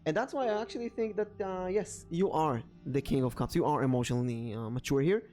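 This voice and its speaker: Rambling man with soft music behind. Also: a little high, a little fast. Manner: rambling, animated when acting out dialogue. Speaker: tarot reader and streamer host. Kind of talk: casual storytelling and tarot reading. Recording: soft background music under the voice.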